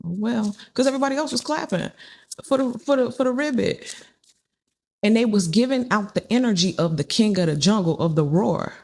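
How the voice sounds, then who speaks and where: A woman's voice: medium pitch, animated, normal speed, creaky, darkish tone. A woman giving a casual spiritual tarot reading, chatty and repetitive, often acting out the people she describes. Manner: chatty, repeats phrases, acts out quoted people. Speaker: tarot reader.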